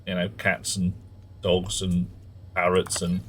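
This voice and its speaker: A man's voice: deep voice, monotone, takes it slowly, background noise. A man streaming a game live, chatting casually and muttering at in-game objects.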